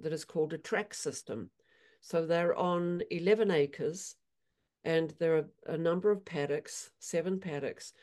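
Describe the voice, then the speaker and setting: A woman equine therapist telling animated stories in an interview, acting out her horses' voices. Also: lowish voice. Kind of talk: storytelling in an interview.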